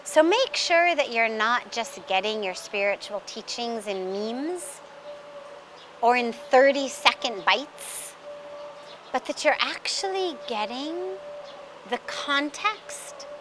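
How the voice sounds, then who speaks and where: A woman spiritual teacher who tells a teaching story in a slow, deliberate, emphatic way. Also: a little high, lively intonation, background noise.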